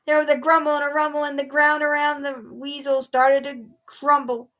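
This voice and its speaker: A woman reads a rhyming children's storybook aloud, in a voice set a little high. Her delivery is animated and playful, and she bounces through the lists of animal names. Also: moderate pace. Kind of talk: children's picture book read-aloud.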